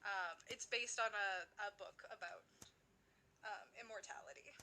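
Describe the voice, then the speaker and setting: Bubbly young woman, bright rambling chatter. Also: medium pitch, a little slow, a little hiss or hum. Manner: bubbly and rambling, heavy filler use. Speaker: streamer. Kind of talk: casual livestream chat.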